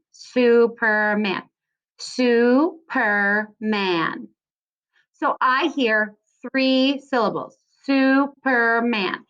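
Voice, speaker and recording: A second grade teacher gives a recorded lesson to young children, stretching out her syllables in a sing-song way. Her voice is on the high side and a bit bright, with the highs cut off.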